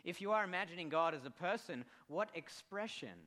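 A male pastor with an accent delivering a sermon in a bright, clear tone. His pitch moves widely, rising and falling with feeling. He speaks with heartfelt warmth and pauses when emotion catches him. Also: expressive. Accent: non-American accent.

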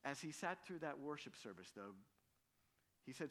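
A man's voice: medium pitch, big pitch swings, moderate pace, a bit bright. A middle-aged man, a pastor, preaching a sermon in an earnest storytelling way.

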